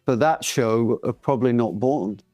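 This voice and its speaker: A man's voice: medium pitch, moderate pace, warm tone, dry recording. A man in his sixties, a pop singer, chatting as a guest and telling stories with a wry, teasing edge. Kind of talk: casual chat.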